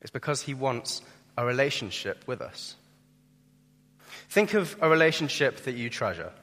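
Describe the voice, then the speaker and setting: A young man preaching a sermon, earnest and emphatic, swelling and dropping in loudness. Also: medium pitch, expressive, moderate pace. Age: young adult. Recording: reverberant hall.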